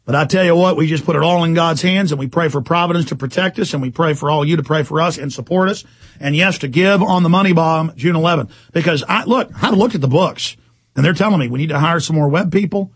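A man hosting a talk radio show, ranting angrily, repeating himself and shouting. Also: fairly high pitch, fast, husky, dry recording. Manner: shouting, indignant, repetitive. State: agitated. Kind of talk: angry talk radio rant.

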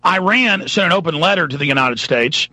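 A man's voice: on the high side, expressive, a little fast, pushed and bright, husky, no room sound. A man hosting a talk radio show, delivering an emphatic, ranting monologue. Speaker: radio host.

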